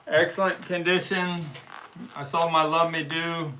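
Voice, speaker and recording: Male livestream host, slow and deliberate record-seller patter, bright tone, faint hiss behind. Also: a little high, flat delivery, low-quality recording. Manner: slow, unhurried collector's show-and-tell. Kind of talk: casual livestream chat. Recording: faint background noise.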